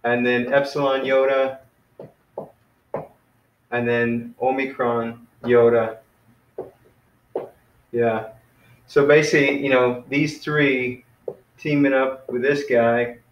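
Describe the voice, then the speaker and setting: Man, casual online teacher, laid-back friendly delivery, mid-pitched voice, echoey room over a video call. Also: slow pace, long pauses, dull audio, a little hiss or hum. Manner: relaxed, friendly, says "man" and "you know" often.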